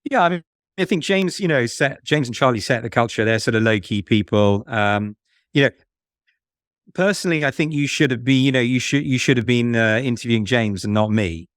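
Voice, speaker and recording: A man being interviewed about investing, speaking in a musing, halting way with many restarts. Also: medium pitch, no room sound, studio quality. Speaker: fund manager guest. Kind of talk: conversational podcast interview.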